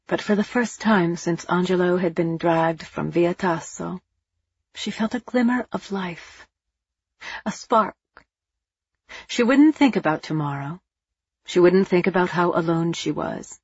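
A woman reading a novel as an audiobook narrator, measured and expressive. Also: fairly low pitch, breathy edge, no echo, lo-fi sound. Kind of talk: scripted narration.

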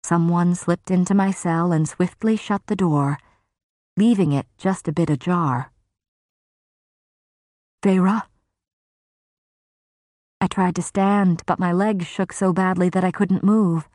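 A woman narrating a first-person fantasy novel in a measured, grave manner. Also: on the low side, steady tone, darkish tone, dry recording, studio quality. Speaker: audiobook narrator.

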